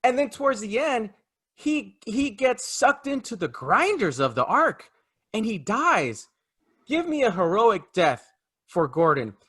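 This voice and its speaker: A man's voice: high-pitched, huge pitch swings, measured pace, bright, forceful tone, husky. A man co-hosting a casual film review podcast, ranting emphatically about a movie. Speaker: podcast co-host.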